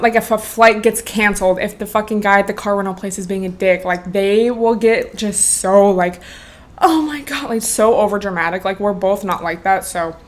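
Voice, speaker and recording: A young woman hosts her own podcast and chats her way through a story. Her talk is loose and filled with "like" and "bro", with swearing dropped in casually. Her voice sits at a middle pitch for a woman. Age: 20s. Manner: chatty, swears freely, lots of "like" and "bro". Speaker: podcast host.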